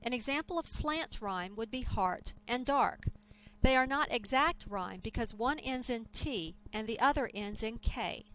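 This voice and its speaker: A woman teaching a lecture, explaining terms in a clear, measured way. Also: fairly high pitch, lively intonation, a bit bright, low-quality recording. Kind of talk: scripted lecture.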